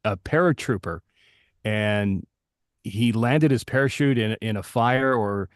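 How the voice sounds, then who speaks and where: A man's voice: lowish voice, unhurried, clear, resonant tone, no echo, studio quality. A man hosting a live stream, telling rambling anecdotes full of restarts and self-deprecating asides. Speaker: host. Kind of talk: casual storytelling on a live stream.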